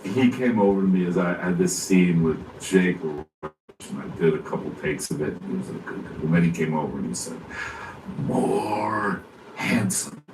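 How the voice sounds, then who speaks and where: A man, an actor being interviewed, chatting casually, animated and laughing often as he acts things out. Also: deep voice, brisk. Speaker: actor guest. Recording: echoey room from far off with faint noise.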